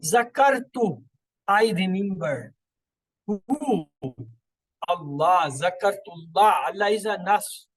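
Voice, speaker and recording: A man teaching Quranic Arabic grammar in a slow, deliberate way, repeating terms and pausing now and then to find words. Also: high voice, expressive, husky, dry recording, rough recording. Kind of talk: recorded Quran grammar lesson.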